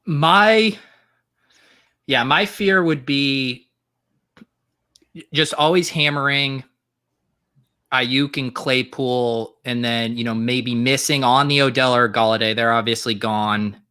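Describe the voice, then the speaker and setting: Bright-voiced man teasing his co-host. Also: medium pitch, slow, long pauses, clear, resonant tone. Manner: teasing, joking banter. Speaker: fantasy football co-host. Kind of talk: casual live-stream chat.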